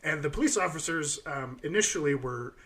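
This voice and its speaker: This podcast co-host, a man from the United States in his thirties, rambles through stories in casual chat, using plenty of fillers. His voice sits on the high side and sounds sharp, and he is expressive and talks fairly quickly.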